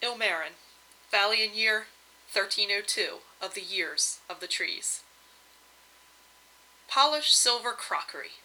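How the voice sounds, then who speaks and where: Bright woman reading a story aloud. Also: mid-range voice, expressive, slow, pauses often, rough recording. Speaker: reader. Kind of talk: storybook narration.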